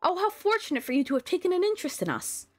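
A woman reading out the lines of a gentle, gracious queen of small creatures in a game, soft and formal. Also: extremely high pitch, sing-song, rapid-fire, faint music behind, pitched above the performer's own voice. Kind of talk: reading game dialogue aloud.

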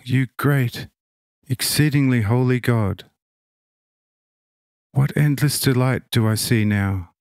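A man voicing an enraptured, devout young woman who stammers out slow, awed exclamations as she sees heaven open. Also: mid-range voice, a little mellow, no room sound, studio quality. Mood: rapturous.

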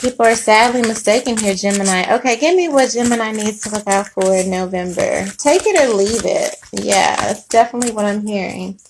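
A woman's voice: medium pitch, a little fast, hardly any pauses, noisy background. A woman giving a casual tarot reading, blunt and profane, laughing between lines and preaching in asides. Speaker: tarot reader.

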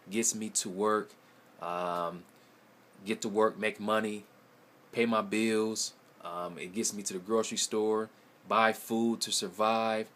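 Low-voiced man rambling with many ums. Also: a bit bright. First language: English. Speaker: language-learning vlogger. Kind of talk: casual video response.

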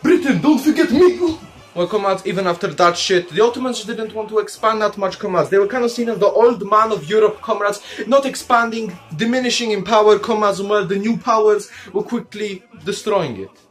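A man's voice: high voice, a little fast, a bit bright, soft background music. A man hosting a comedic history video as a mock commander, calling his viewers comrades, swearing and joking with bursts of laughter. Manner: calls listeners "comrades" in nearly every line, crude and jokey; breaks into laughter and silly asides. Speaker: history video host in a comic commander persona.

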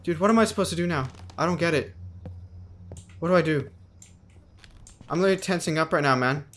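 A man's voice: fairly high pitch, a little fast, a bit bright, a little hiss or hum. A young man giving horror game commentary, jumpy and slangy, yelping when startled and talking back to the game. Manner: slangy, keeps saying dude and bro. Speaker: gaming video host.

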